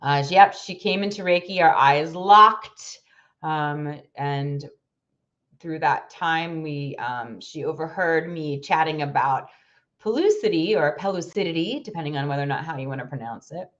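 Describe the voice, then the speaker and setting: A woman's voice: low-pitched, unhurried, a bit bright. A woman hosting a casual chat in a playful, joking way. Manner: jokey, playful. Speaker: host. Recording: dull lo-fi audio.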